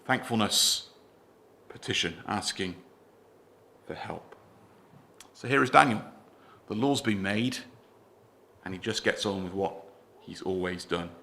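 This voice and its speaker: Bright-voiced male preacher giving a sermon. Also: lowish voice, unhurried, long pauses. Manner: earnest, asks the congregation questions, drops softer at line ends. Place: church.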